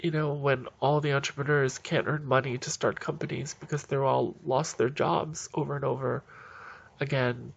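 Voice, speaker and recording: A man's voice: medium pitch, little pitch movement, normal speed, gravelly, breathy edge, highs cut off. A man giving heated, indignant solo political commentary in a ranting manner.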